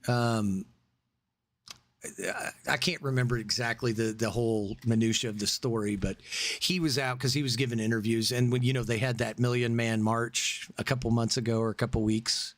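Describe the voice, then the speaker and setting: A man co-hosting a podcast in casual chat, rambling and opinionated, breaking into loud laughter. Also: medium pitch, steady tone, normal speed. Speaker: podcast co-host.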